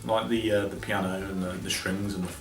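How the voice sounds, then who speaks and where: A man's voice: low-pitched, level tone, fairly quick, a crowd in the background. A man co-hosting an album review, chatting casually and enthusiastically, laughing between remarks. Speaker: podcast co-host reviewing albums. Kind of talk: casual chat. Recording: distant, roomy sound with faint music.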